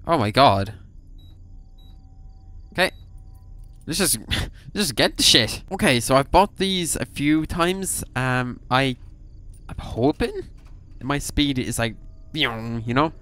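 A young man narrating his horror game run, jumpy and quick to swear. His voice is smooth and clear, set at an ordinary middle pitch. He reads the on-screen text aloud as he plays. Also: fairly bright tone. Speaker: gaming YouTuber. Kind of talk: horror game let's play commentary.

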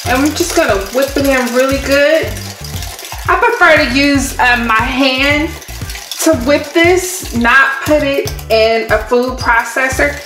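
Slow-talking woman hosting a cooking show. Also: high-pitched. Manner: chatty, admiring her own work. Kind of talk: casual cooking demonstration. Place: kitchen. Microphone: far from the camera mic. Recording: echoey room, distant mic, background music.

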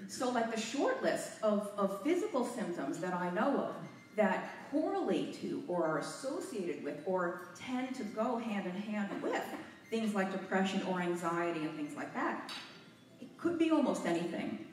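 A woman gives an animated talk to a live audience, out of breath and a little nervous, her pitch swinging widely. She is picked up from a distance in a very echoey hotel meeting room, with faint room ambience behind her. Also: normal speed. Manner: animated, laughing, a bit nervous. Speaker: guest speaker. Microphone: handheld mic, recorded from far off.

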